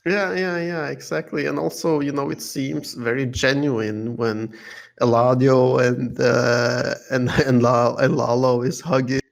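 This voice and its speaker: A man's voice: mid-range voice, steady tone, measured pace, gravelly, few pauses. A man co-hosting a podcast in casual chat, rambling and laughing between points. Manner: rambling, many fillers and restarts, laughs often. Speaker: podcast co-host.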